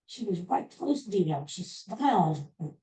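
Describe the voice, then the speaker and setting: A man slowly retelling a personal story in a rambling, halting way, with frequent restarts. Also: high-pitched, very animated, warm tone, rough recording.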